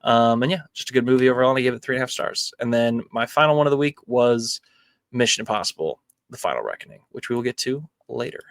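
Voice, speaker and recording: A man's voice: medium pitch, fast talker, dry recording. Young guy on a movie podcast, rambly reviews, lots of ums, dry close sound. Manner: relaxed, filler-heavy, many ums and likes. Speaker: podcast host. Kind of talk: casual movie review chat.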